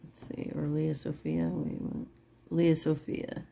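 Slow, low-toned woman chatting while selling jewelry. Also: little pitch movement, gravelly, warm tone, a little hiss or hum. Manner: chatty and rambling, laughs often, swears then apologizes. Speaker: online jewelry seller. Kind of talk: casual live-sale chat.

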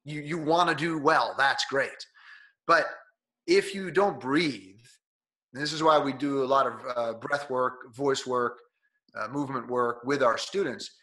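A man being interviewed as a speaking coach, talking in an energetic, coaching way. His voice is a little nasal from being sick. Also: medium pitch, measured pace. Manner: energetic, coaching delivery that acts out quotes. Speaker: guest, speaking coach and author. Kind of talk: conversational interview.

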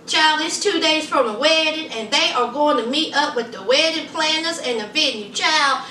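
Sassy woman vlogger with a high, bright voice, recorded a bit far from the mic in a roomy space. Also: normal speed, hardly any pauses, a little hiss or hum. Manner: sassy, chatty, calls viewers honey and child. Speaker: reality TV reviewer. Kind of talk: casual review commentary. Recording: roomy echo, distant from mic.

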